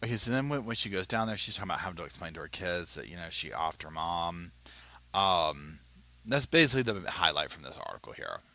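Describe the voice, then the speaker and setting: Casual male commentary host, lowish voice, animated and chatty. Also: brisk. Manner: animated, chatty, stammering restarts. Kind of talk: casual reaction commentary reading an article. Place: home, at his computer.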